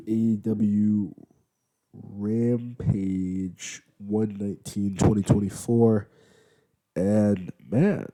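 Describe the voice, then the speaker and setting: A man's voice: lowish voice, dark tone. A man giving a rambling, casual review of a wrestling show, full of fillers, talking as he eats at home. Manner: rambling, loose, many fillers. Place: at home, eating while recording.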